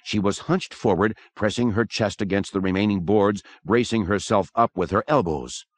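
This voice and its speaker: A man narrating a horror audiobook in an expressive, dramatic manner. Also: fairly low pitch, normal speed. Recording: dry close recording.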